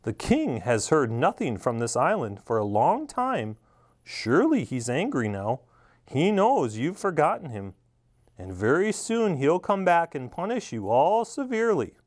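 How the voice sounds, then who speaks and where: A secretive, knowing voice that speaks from under the earth in a bedtime story, as a man reads it out. It is measured and faintly teasing, with lifts high above the narration and a wide, lively pitch range. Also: full character voice. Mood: warning. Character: mysterious hidden prince's voice, calm and knowing. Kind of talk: read-aloud storybook voice.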